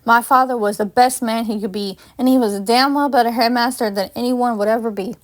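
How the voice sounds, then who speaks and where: A woman's voice: a little high, fairly even intonation, fairly quick, lightly acted. A woman reading the lines of a fiery, hurt young female student with heated, rising delivery. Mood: threatening.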